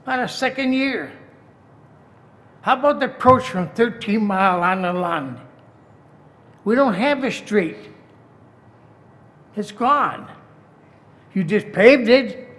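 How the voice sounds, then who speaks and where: A man's voice: high-pitched, animated, slow, pauses often, a bit bright. A man giving a heated, accusing public comment at a city council meeting. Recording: echoey council chamber.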